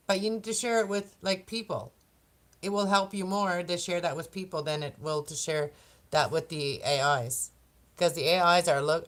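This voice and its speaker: Slow, rambling woman reading oracle cards. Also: on the low side. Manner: rambling, chatty, laughs often, stumbles over words. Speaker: tarot and oracle card reader. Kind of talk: casual card reading for zodiac signs.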